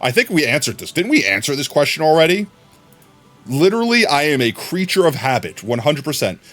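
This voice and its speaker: A man's voice: a little high, big pitch swings, brisk, a bit bright, faint music behind. A man streaming live, chatting casually in a rambling way that keeps restarting his sentences. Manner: rambling, self-interrupting talk. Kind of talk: casual chat.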